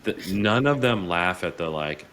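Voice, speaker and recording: A man's voice: low-pitched, lively intonation, normal speed, a bit bright, a little hiss or hum. A man co-hosting a podcast, telling rambling stories in casual chat and using lots of fillers. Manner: rambling storyteller, says like a lot. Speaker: podcast co-host. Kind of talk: casual anecdotes.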